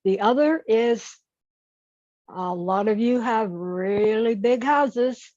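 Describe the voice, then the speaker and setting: Slow-talking blunt woman on a call. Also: a little high, warm tone, dry recording, highs cut off. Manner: blunt and outspoken. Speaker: panelist. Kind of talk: opinionated remarks.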